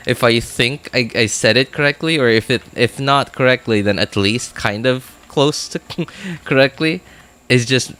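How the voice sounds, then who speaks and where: While playing a video game on stream, a man chats in a rambling, filler-heavy way, frequently laughing at his own remarks. His voice is medium in pitch, fairly bright and clean.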